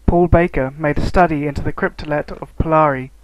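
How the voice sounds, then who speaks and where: A man reads a scripted educational narration in a slightly higher voice. He keeps a steady reading pace and slows down on the example words. The recording is dry and close, with no room sound. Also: no echo, poor audio. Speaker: student narrator.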